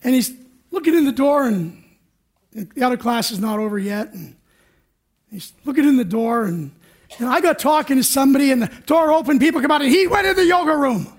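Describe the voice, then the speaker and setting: A pastor with a very high voice gives a church sermon recorded for radio, telling a personal story in a chatty, self-mocking way. He's expressive and a little fast, acting out his own panic.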